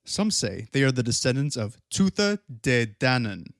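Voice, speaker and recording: A man's voice: mid-range voice, sing-song, moderate pace, gravelly, fairly bright tone, dry recording, studio quality. Teasing man on a podcast. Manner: teasing, joking, blunt. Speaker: podcast co-host. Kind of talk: casual podcast chat.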